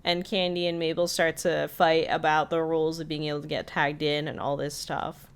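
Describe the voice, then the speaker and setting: Woman retelling a cartoon, lower voice. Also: level tone, clear, resonant tone. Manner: acts out characters' lines in quick voices. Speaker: podcast co-host recapping a cartoon episode. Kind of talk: casual chat, retelling scenes.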